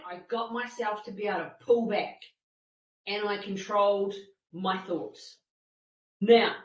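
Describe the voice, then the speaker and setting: A woman fitness instructor telling a personal story in an animated talk, acting out her own panicked thoughts. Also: medium pitch. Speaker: fitness instructor and masterclass speaker. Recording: distant, echoey and dull-sounding.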